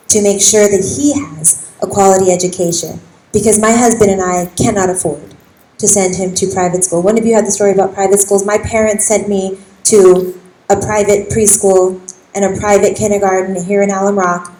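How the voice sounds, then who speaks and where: A woman's voice: mid-range voice, fairly even intonation, normal speed, mellow. Emotional woman trustee in an echoey hall. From East San Jose, California. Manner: emotional, impassioned. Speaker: county school board trustee. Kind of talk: public meeting speech. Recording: echoey hall with faint noise.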